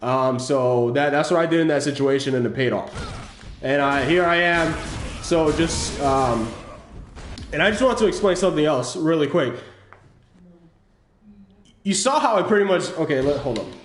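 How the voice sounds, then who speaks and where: Male host, slightly raised pitch, roomy sound, talks through gameplay footage in an unpolished, explanatory way. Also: lively intonation, slight background noise. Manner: explanatory, halting with restarts and fillers. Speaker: channel host analyzing his own match. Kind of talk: casual gameplay commentary over footage.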